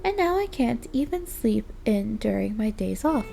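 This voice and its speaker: A woman's voice: fairly high pitch, sing-song, moderate pace, vocal fry, over music. A young woman narrating a visual novel in a wistful, weary inner-monologue voice. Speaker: game voice-over reader.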